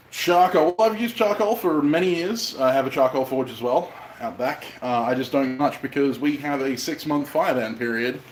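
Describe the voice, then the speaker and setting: A man with a light Australian accent chats loosely with his livestream viewers, rambling from one point to the next and swearing now and then. His voice sits at an ordinary middle pitch. Faint noise from his workshop hums behind him. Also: moderate pace, few pauses, roomy sound, low-quality recording. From Western Australia. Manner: chatty, rambling, mild swearing. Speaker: bladesmith livestreamer. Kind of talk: casual livestream chat, answering viewers.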